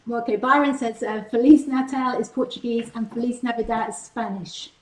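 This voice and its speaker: Woman reading comments off-mic, higher voice. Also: fairly even intonation, normal speed, slight background noise. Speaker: off-camera co-host reading viewer comments. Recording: off-mic in a roomy space.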